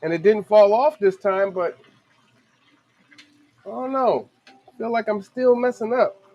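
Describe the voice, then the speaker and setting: A man chats casually as he cooks in his home kitchen, his voice sitting a little on the high side. He tells stories in a relaxed, slangy way and talks straight to his viewers. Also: measured pace, dull audio. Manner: relaxed, chatty storytelling with slang. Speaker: home cooking show host. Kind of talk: casual cooking vlog with stories.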